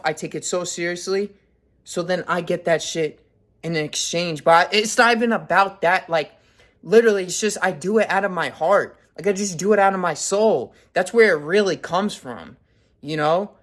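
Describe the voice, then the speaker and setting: A man's voice: on the high side, a bit bright. A man in his twenties giving a blunt, profanity-heavy motivational rant as a vlogger. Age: 20s. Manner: blunt, heavy swearing, intense.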